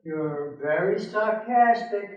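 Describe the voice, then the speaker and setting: A man's voice: high-pitched, expressive, slow pace, muffled recording. An older man playing an exasperated grown son who pleads with his mother on the phone, in a flustered, placating manner. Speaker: amateur skit performer. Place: senior center hall. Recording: echoey hall from far off.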